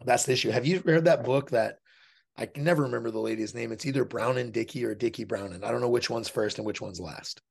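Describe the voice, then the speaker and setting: A man in a relaxed interview setting, his voice husky and breathy at the edges. He talks bluntly and swears freely, putting on voices to play out how other people react. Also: medium pitch, quick pace. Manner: blunt and profane, acts out quoted voices. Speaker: podcast guest, fighter and dog trainer. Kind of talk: casual interview talk.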